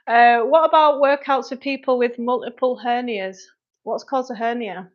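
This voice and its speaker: A woman with a slightly high voice and fairly even intonation, a personal trainer, answers viewer questions in a livestream Q&A, reading comments aloud. She's frank and chatty, making quick asides to commenters, and the livestream audio is dull and lo-fi.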